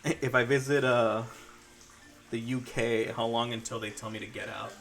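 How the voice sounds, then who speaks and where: Guy rambling and joking with chat while he paints, bright voice, faint music behind. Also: mid-range voice, fairly even intonation, moderate pace. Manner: jokey, rambling, talks to chat. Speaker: streamer. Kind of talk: casual livestream chat while painting miniatures.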